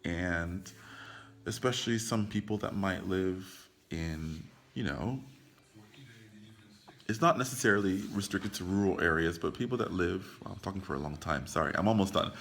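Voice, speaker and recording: Young guy vlogging on a phone, low voice, loose rambling delivery, salty language. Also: normal speed, a bit bright. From United States. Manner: rambling, heavy use of "like", swears freely. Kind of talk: casual film commentary to camera. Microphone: phone camera.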